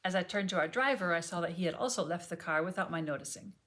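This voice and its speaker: A woman reading an audiobook chapter aloud at home, gentle and measured, sometimes dropping to a near whisper. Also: lowish voice. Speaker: audiobook reader. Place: home, on a sofa.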